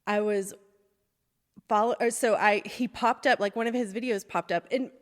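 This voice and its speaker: A woman's voice: medium pitch, fairly even intonation, moderate pace. Chatty woman in a reverberant room. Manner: rambling storyteller, laughs often. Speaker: podcast host. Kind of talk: casual chat. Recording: long reverb.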